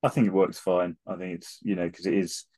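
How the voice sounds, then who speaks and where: A man's voice: deep voice, level tone, a little fast, warm tone. A man co-hosting a podcast, wry and teasing in casual chat. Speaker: podcast co-host.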